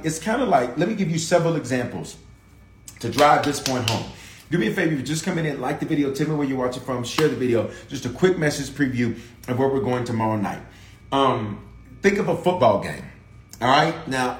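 A man's voice: on the high side, roomy sound. A middle-aged man preaching as a bishop in a sermon preview, calling out to viewers and urging them to answer in the comments.

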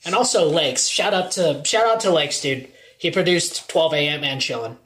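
A man's voice: a little high, expressive, normal speed, a bit bright. A teenage boy co-hosting a casual podcast, joking around and then saying he's only kidding. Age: teens. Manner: joking, often takes back his jabs. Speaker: podcast co-host. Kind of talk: casual chat.

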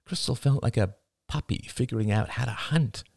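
A man narrating an audiobook in a measured, deliberate way, sometimes dropping to a hush for emphasis. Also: medium pitch, vocal fry, husky, no room sound, studio quality.

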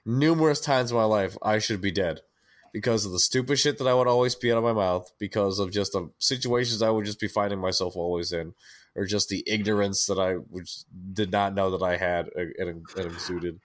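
Brisk and on the low side, this young man from the United States co-hosts a podcast. The conversation is casual, and he tends to ramble, poke fun at himself and break into laughter frequently.

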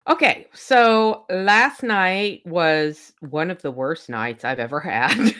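A middle-aged woman with a low but bright, forceful voice chats casually as a podcast co-host. She tells animated, profane stories and swings up into shrieks when she relives a fright. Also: slow pace, faint music behind. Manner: animated storyteller, swearing, shrieking when retelling scares. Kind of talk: casual chat.

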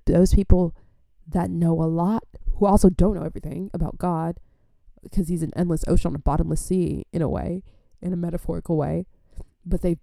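A woman giving a casual sermon from home into a microphone, telling her testimony in a rambling, animated way full of fillers. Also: on the low side, creaky, no echo, studio quality. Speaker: preacher sharing testimony. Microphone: studio microphone.

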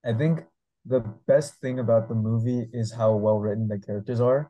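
A man co-hosting a casual film review chat, measured and thoughtful. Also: mid-range voice, fairly even intonation, lo-fi sound. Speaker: podcast co-host.

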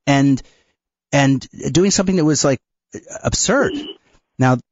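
A man co-hosting a radio talk show, telling a personal story in a halting way, with restarts and nervous laughs. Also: medium pitch, dry recording, lo-fi sound. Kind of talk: conversational storytelling.

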